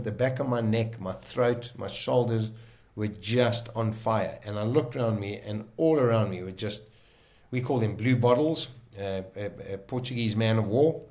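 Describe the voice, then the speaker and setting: A man telling his own survival story in casual talk, vivid and emotional, often pausing and restarting. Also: lowish voice, a little mellow.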